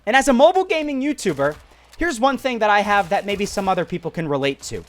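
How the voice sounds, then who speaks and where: A man who is a mobile gaming YouTuber, telling a story in an animated, casual way full of "like" and "right?". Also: sits high, fast talker. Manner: animated, lots of fillers like "like" and "right?".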